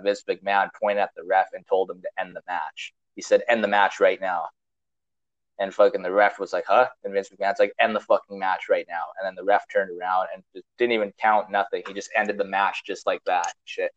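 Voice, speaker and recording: A man's voice: deep voice, dry recording, dull audio. A man hosting a podcast, telling a long story in a casual, rambling, profane way with lots of fillers. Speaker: podcast host.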